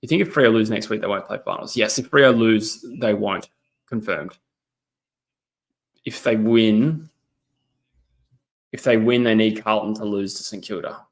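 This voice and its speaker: A man's voice: fairly low pitch, unhurried, long pauses. A young Australian man hosting a casual live stream, commentating on a match and chatting with viewers, rambling with lots of ums. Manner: rambling, many ums, reads chat messages aloud. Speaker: footy livestream host. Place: indoors at a laptop.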